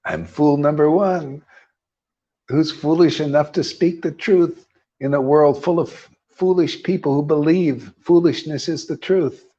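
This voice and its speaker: This devotional class host speaks in a fairly high but dark-toned voice at a measured pace, captured on lo-fi audio. His preaching is informal, wandering and emphatic, punctuated by frequent laughter.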